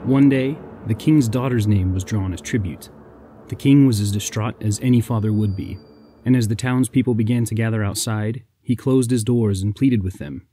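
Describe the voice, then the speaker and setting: A man narrating a legend as a podcast storyteller in an even, scripted delivery. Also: lowish voice, normal speed, husky, no room sound.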